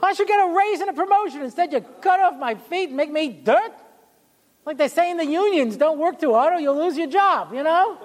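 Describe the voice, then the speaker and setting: A man's voice: very high voice, lively intonation, fairly quick, darkish tone. A man voicing an indignant male snake who complains in an aggrieved, whiny way, in a lecture. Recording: long hall reverb.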